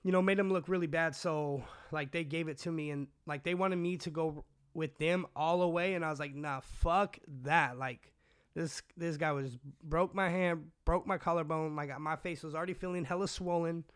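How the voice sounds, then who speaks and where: A man's voice: on the high side, fairly even intonation, normal speed, clean tone. Profane, rambling man telling his story. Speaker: guest recounting his past. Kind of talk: casual storytelling.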